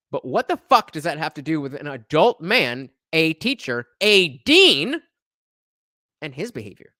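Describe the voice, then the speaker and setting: A man's voice: fairly high pitch, sharp tone, no echo, studio quality. A man hosting a podcast, giving casual, incredulous reaction commentary with frequent fillers. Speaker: podcast host reacting to clips.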